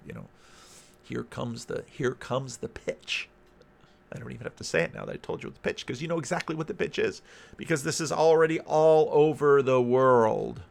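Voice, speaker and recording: A man's voice: medium pitch, gravelly, fairly bright tone. A man who is a Christian minister, giving reflective video commentary and thinking aloud, often repeating words and phrases.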